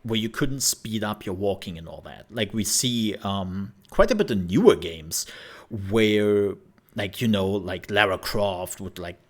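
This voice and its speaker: A man's voice: on the low side, unhurried. A man from Germany, speaking English as a while casually commenting on a video game and acting out scenes as he tells them. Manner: animated storyteller who laughs and acts out scenes. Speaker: gaming channel host. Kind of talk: casual commentary over gameplay.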